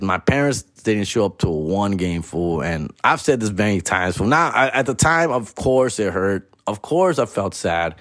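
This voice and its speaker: A man's voice: fairly low pitch, big pitch swings, measured pace, fairly bright tone, dry recording, studio quality. Profane man telling stories. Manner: profane, mixes Spanish and English slang. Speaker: comedian telling a story. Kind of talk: casual storytelling monologue.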